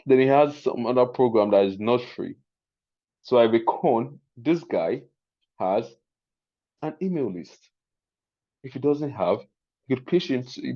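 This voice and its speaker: A man with a Nigerian accent hosting a live webinar, chatty and excitable, often laughing as he teaches. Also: mid-range voice, lo-fi sound. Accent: Nigerian English. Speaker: webinar host.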